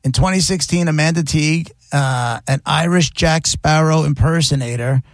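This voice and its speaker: Gravelly-voiced man hosting radio talk. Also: on the high side, moderate pace, no echo, clean studio sound. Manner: rambling, jokey, restarts often. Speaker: radio show host. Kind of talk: casual radio chat. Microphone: studio microphone.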